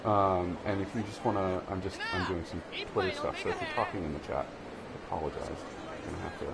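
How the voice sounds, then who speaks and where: Playing solo on stream, this man talks casually to his audience, wandering off topic, restarting sentences, and leaning on fillers. He has a low, steady voice with vocal fry and speaks fairly quickly. Behind him you can hear game music and a crowd.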